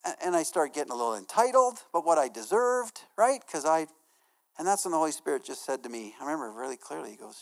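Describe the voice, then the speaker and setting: A man's voice: on the high side, sing-song, fast, vocal fry. A man preaches to his church in an easygoing, talky manner. He leans on "you know" and "right?", restarts his phrases, and keeps asking the congregation questions. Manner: casual, filler-heavy, repeats words, asks the congregation questions. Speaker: pastor. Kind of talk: conversational sermon.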